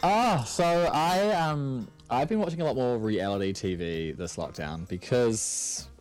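A man's voice: medium pitch, lively intonation, unhurried, a little mellow, soft background music. A man chatting on radio about a TV show, with many ums and uhs. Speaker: TV reviewer guest. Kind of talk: casual radio chat.

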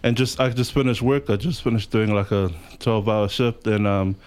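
A man in his thirties with a New Zealand accent, a rapper chatting as a guest in a radio studio, relaxed and rambling with lots of fillers. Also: lowish voice, moderate pace, smooth. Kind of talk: casual interview chat.

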